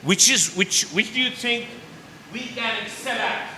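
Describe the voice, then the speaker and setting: A man's voice: high-pitched, a little slow, bright, forceful tone, slight background noise. A man giving a motivational speech to students at a school event, often quizzing the audience with questions. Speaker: chief guest speaker. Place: school auditorium. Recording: echoey hall, faint ambience.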